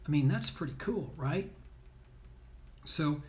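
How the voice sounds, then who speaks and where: Emphatic coach with a high voice. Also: male voice, lively intonation, slow pace, a little mellow. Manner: emphatic, keeps asking "right?" and "okay?"; blunt, scolding tone. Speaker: sports performance coach. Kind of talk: motivational talk.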